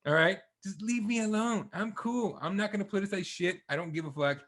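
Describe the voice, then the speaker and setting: A man's voice: high-pitched, a little fast. A man hosting a casual sports podcast who rants loosely and swears often. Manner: profane, animated ranting. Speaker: podcast host. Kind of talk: casual chat.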